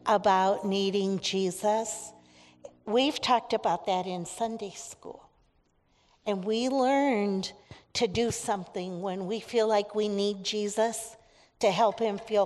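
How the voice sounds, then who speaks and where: A woman's voice: mid-range voice, takes it slowly, darkish tone. A woman leading a children's message in a church service, asking the kids questions and leading call-and-response lines. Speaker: children's ministry leader. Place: church sanctuary. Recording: long reverb of a church sanctuary.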